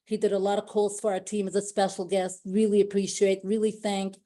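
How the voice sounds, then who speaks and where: A woman's voice: medium pitch, level tone, a little fast, warm tone. A woman giving an emotional, effusive motivational speech to her company team on a call, often repeating herself and restarting sentences.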